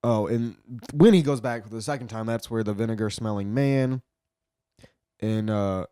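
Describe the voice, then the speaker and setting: A man's voice: fairly low pitch, moderate pace, dark tone, smooth, no room sound, clean studio sound. A man retelling a story in casual commentary, swearing a lot and rambling with frequent restarts.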